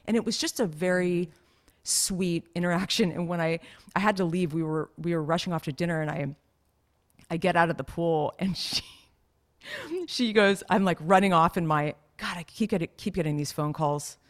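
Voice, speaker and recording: A woman's voice: on the low side, fairly even intonation, normal speed. A woman co-hosting a podcast, telling stories in a rambling, chatty way with lots of fillers. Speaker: podcast co-host. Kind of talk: casual chat.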